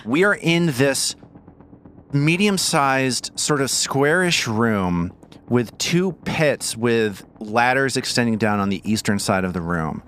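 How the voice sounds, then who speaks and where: A man's voice: medium pitch, fairly bright tone, a little hiss or hum. A man running a tabletop game as game master, narrating scenes playfully and laughing often. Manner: playful, describes scenes vividly with frequent laughter.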